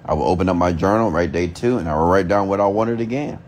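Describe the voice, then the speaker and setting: A man's voice: sits low, fast talker, darkish tone, slight background noise. Emphatic man ranting motivationally. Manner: emphatic, repeats himself, asks rhetorical questions; swears casually. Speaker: motivational speaker. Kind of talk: motivational rant.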